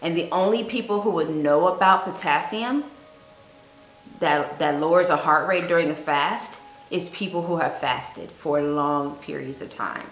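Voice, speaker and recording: A woman giving earnest fasting advice on her vlog, telling a personal story and repeating points for emphasis. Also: sits low. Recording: echoey room with faint music.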